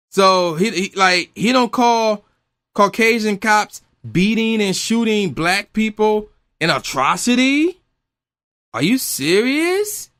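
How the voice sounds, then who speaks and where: A man's voice: high-pitched, a bit bright. A man ranting in exasperated, incredulous commentary, swearing freely. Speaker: commentary vlogger.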